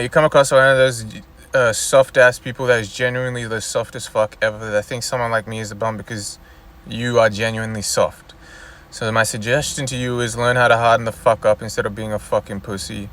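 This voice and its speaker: A man's voice: mid-range voice, fairly bright tone. A man vlogging from inside a car, ranting in a loose, profane, rambling way, full of "you know" and "like". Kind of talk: casual ranting monologue.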